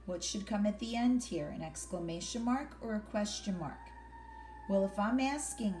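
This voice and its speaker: Woman teacher, mid-pitched, patient and explanatory, faint hiss behind. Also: normal speed, darkish tone. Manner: patient, explanatory, asks and answers her own questions. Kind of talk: online classroom lesson.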